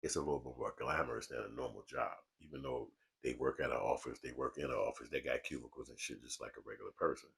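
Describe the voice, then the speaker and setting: A man hosting his own vlog, talking to a small camera alone in a studio in a calm, low, mellowed-out tone, with loose street talk and swearing. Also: fast, creaky, slightly rough. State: relaxed from smoking. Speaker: vlog host. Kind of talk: casual commentary to camera. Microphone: small camera mic.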